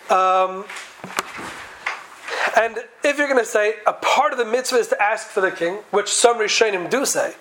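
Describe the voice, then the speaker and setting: High-voiced man teaching a Torah class. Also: fairly bright tone, a little hiss or hum, low-quality recording. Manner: questioning, sing-song study cadence mixing Hebrew terms. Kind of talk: Talmudic lecture to a class.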